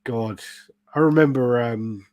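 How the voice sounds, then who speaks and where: A man's voice: mid-range voice, slow pace, no room sound, highs cut off. A British man hosting a podcast, telling stories in casual chat, swearing and acting out quotes. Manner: swearing storyteller, acts out quotes. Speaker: podcast host.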